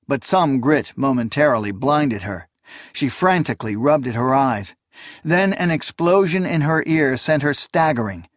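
A man narrating a story in measured, dramatic scripted narration. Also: mid-range voice, no room sound, clean studio sound. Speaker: audiobook narrator.

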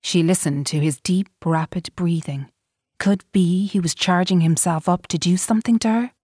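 A woman narrating a novel in an even, deliberate storytelling manner. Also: lowish voice, slightly rough, no room sound, clean studio sound. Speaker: audiobook narrator. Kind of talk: scripted narration.

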